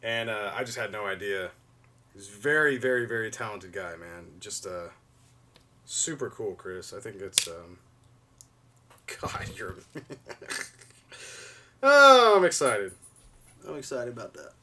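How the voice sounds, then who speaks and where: A young man hosting a livestream, chatting loosely to viewers with many fillers and restarts, often gushing with excitement. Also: lowish voice, measured pace, pauses often, slight background noise. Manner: rambling, lots of fillers and restarts, gushes with excitement. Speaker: livestream host. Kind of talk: casual stream chat to viewers.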